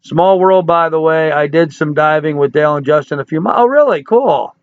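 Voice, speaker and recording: A man in his sixties chats through a livestream in a folksy, joking way, answering viewers as he goes. His voice sits a little high for a man. The sound is dry and close, with a slightly dull, lo-fi quality. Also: moderate pace, dry recording. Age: 60s. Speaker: livestream host. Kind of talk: casual live chat reading viewer comments.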